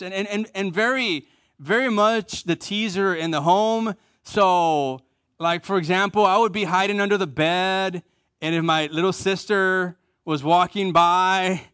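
A middle-aged man preaching a conversational sermon, repeating key phrases for emphasis and joking at his own expense, going soft and low for tender points. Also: smooth, no room sound, clean studio sound. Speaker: pastor.

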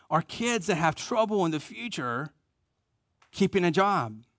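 A man's voice: high voice, animated, unhurried, fairly bright tone, no echo, studio quality. A man preaching a sermon, stressing key phrases by repeating them and asking the congregation to answer back. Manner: emphatic, repeats key phrases, leads the congregation in call and response. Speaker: pastor.

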